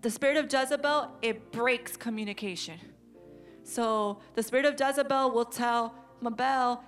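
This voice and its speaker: Lively woman preacher, fairly high voice, faint music underneath. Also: normal speed. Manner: animated, acts out quotes, rising to emphatic declarations. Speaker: youth preacher. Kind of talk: sermon.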